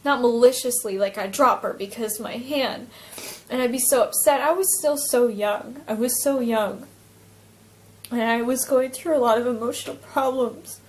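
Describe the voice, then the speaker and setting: A young woman from Alaska recounting a personal near-death experience, talking in an emotional, halting way with many fillers and restarts. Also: on the high side, rough recording. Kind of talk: personal testimony, casual storytelling.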